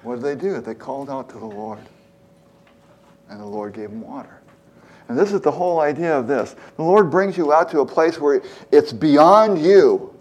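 An earnest preacher in his 70s delivers a plain, chatty sermon, repeating phrases for emphasis and acting out prayers. He speaks at a normal speed in a voice that is a little high and a little mellow.

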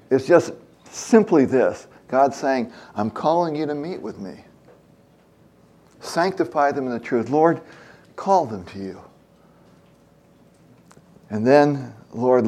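An older man preaching a relaxed, conversational sermon as a pastor, often pausing with fillers as he addresses young listeners. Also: medium pitch.

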